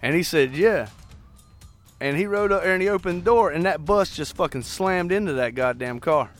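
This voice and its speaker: Soft background music plays as a high-voiced man, talking fairly quickly, co-hosts a podcast. Swearing freely in casual chat, he keeps retelling a movie's plot.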